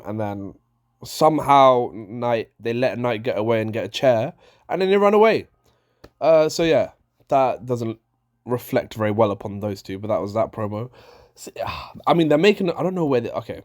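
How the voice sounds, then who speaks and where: A man rants casually through a wrestling review. He sounds animated and exasperated, often stopping mid-sentence to restart a thought. His pitch sits mid-range for a man.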